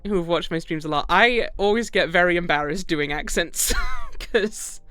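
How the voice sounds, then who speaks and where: A woman's voice: on the low side, moderate pace, a bit bright, clear, resonant tone, no echo, faint music behind. A woman streamer giving casual gameplay commentary, giggly and self-deprecating.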